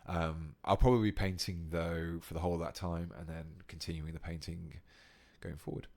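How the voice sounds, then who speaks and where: A man's voice: deep voice, fairly quick. A British man giving a casual painting tutorial on a live stream, chatting with viewers as he works. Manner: relaxed and chatty, reading out viewer comments.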